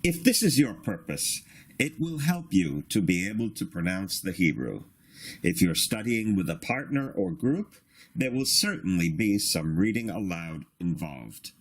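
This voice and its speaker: A man teaching a beginner reading lesson in a patient, instructive way, sounding out syllables slowly. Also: sits low, very animated, breathy edge. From Australia. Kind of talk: slow recorded reading lesson.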